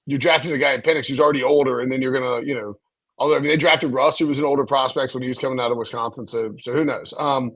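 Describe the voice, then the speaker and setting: A man's voice: mid-range voice, steady tone, quick pace, a bit bright. A man hosting a casual sports podcast chat, rambling with many restarts. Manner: rambling, lots of restarts and fillers. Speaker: podcast host.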